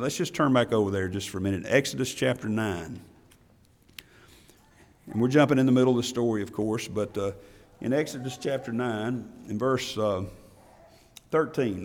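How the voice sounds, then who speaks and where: A man's voice: medium pitch, long reverb tail. A man preaching a sermon, reading scripture aloud with folksy asides and emphatic points. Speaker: pastor. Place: church.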